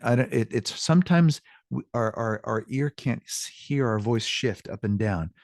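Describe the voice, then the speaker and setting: A man teaching a language class online, encouraging and quick to repeat praise. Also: mid-range voice, a little mellow, dry recording, clean studio sound. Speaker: Spanish teacher.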